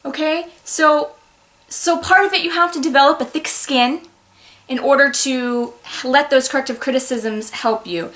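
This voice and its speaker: Woman, bright and forceful voice, animated, loud exclamations, casual author advice. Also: sits high, moderate pace. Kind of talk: casual talk to camera. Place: home office.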